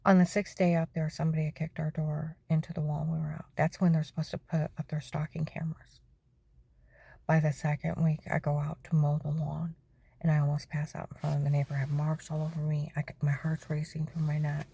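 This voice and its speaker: A woman's voice: low-pitched, level tone, a little fast, creaky, mellow, husky, no echo. A middle-aged woman telling her own story in a testimony monologue, keeps asking "okay?" and often drops into a whisper.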